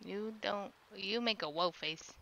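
A woman's voice: medium pitch, a little slow, creaky. A young woman casually streaming a video game, playful and silly, chattering along and making sound effects. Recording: slightly dull lo-fi sound with faint noise.

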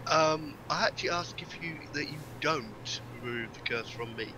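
A man's voice: a little high, moderate pace. Earnest player over a noisy line, man. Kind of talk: speaking in character in a tabletop game. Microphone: online voice chat.

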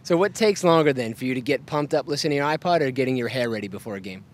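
A man hosting a sports interview, firing off brisk, teasing questions. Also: medium pitch, expressive. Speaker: interview host. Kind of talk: quick-fire interview questions.

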